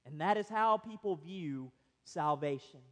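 A man's voice: on the high side, lively intonation, measured pace. A man preaching a sermon as pastor, telling everyday stories with humor before pressing his points. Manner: storytelling with humorous asides, building to emphatic points. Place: church sanctuary. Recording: long reverb of a church hall.

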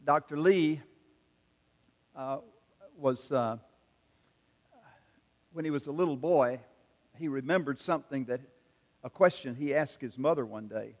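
An older man from South Carolina, preaching a sermon and telling a story in an earnest, measured way with pauses and hesitations. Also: mid-range voice. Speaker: pastor. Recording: long reverb of a large hall.

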